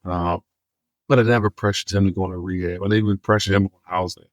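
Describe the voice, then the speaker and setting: A man's voice: deep voice, fast talker, no echo. A man, a guest in a podcast interview, telling stories and acting out the dialogue in them. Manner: animated storyteller acting out quoted dialogue. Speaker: guest, homelessness outreach worker.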